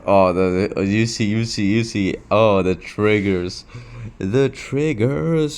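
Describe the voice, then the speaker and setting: A young man with a lowish, gravelly voice speaks straight to his camera in a confessional vlog. His delivery is restless and emotional, full of restarts, repeated words, swearing and "bro.". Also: slow, a little mellow, slight background noise. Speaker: vlogger.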